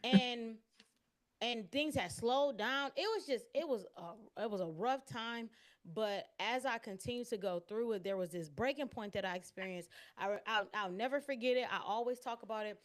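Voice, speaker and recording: A woman's voice: fairly high pitch, normal speed. A woman telling a candid personal faith testimony in an interview, acting out what people said. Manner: candid, expressive storytelling with quoted dialogue and restarts. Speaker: interview guest.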